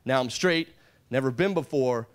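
A young man doing a stand-up set on a comedy club stage, from Calgary, talking in an animated way and breaking into loud shouts for the characters he quotes. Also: medium pitch, moderate pace. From Calgary, Canada.

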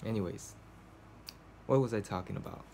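Talking into the camera for a home video journal, a male vlogger wanders and hesitates, full of fillers and restarts, in a cold indoor setting. His fairly low voice has vocal fry and a slightly mellow quality at a moderate pace, with a little hiss or hum behind it.

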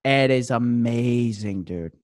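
A man's voice: mid-range voice, takes it slowly, darkish tone, no echo, studio quality. A young man hosting a casual comedic chat, playfully enthusiastic and joking. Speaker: host.

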